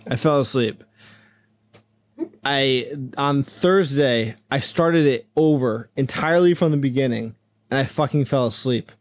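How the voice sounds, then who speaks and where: A man's voice: medium pitch, unhurried, no room sound. A man co-hosting a casual movie podcast, telling stories in a wry, exasperated way. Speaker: podcast co-host. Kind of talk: casual movie-review chat.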